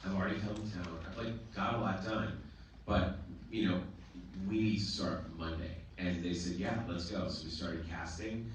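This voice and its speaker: A man from Boston, a filmmaker, telling animated stories with frequent laughs and swearing in a Q&A after a screening. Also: deep voice, normal speed. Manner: animated, swears freely, restarts sentences, laughs often. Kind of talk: casual storytelling to an audience. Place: theater, full house. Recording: echoey theater taped from far off with background noise.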